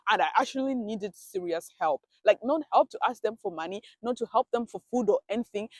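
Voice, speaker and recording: A woman's voice: mid-range voice, no echo. Chatty, dramatic woman vlogger, dry sound. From grew up in a village abroad. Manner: chatty, dramatic, talks to herself. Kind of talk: casual storytime vlog.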